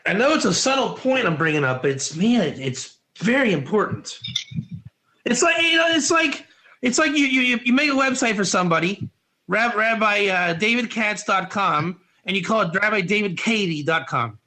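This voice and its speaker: Male Torah teacher, high and bright, excitable, asks rhetorical questions. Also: moderate pace. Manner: excitable, rhetorical, voice jumps up when animated. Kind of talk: animated Torah class.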